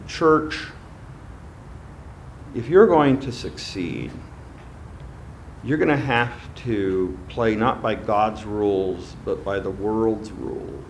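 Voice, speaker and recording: A male pastor preaching emphatically, with a slow, deliberate pace and a lively rise and fall in pitch. His voice carries a gravelly, fried texture, and he drops in asides to the congregation. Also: a little hiss or hum. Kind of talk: sermon.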